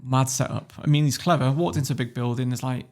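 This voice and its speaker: Gravelly, sweary British man telling stories. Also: mid-range voice, fast talker. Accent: British English. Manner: blunt, sweary and animated. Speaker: podcast guest. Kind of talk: casual storytelling.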